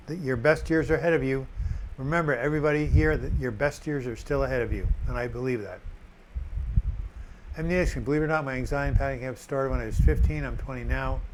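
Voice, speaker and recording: A man's voice: mid-range voice, slight background noise, low-quality recording. An older man hosting a live chat, reading out viewer comments with joking asides.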